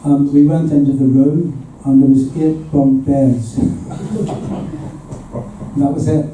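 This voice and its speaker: A man's voice: medium pitch, fairly even intonation, takes it slowly, warm tone. A man in his seventies with a Belfast accent, telling chuckling stories as a guest before a live audience. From Northern Ireland. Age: 70s. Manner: chuckling anecdotal storyteller. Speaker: guest musician. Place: hall at an audience event. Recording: echoey room from far off.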